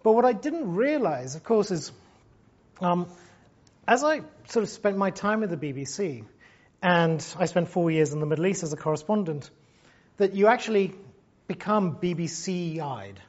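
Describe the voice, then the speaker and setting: A man's voice: high-pitched, animated, normal speed, muffled recording. A man in his fifties from Gibraltar giving a reflective, conversational university lecture. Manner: conversational and reflective, thinks aloud. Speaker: lecturer, former broadcast journalist.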